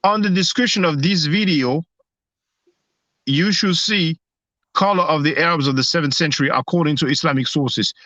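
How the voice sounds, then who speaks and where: A man hosts a live stream from his phone and speaks in a fairly high voice. He hesitates often and restarts his sentences. The sound is muffled and dry, with no room echo. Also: a bit bright. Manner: hesitant, many restarts and fillers. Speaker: host.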